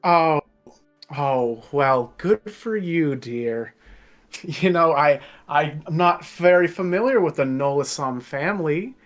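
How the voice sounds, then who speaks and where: A man's voice: fairly high pitch, lively intonation, slow pace, faint music behind. A man playing a reserved young nobleman who is tired of formal society, speaking politely and a little formally. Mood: dry.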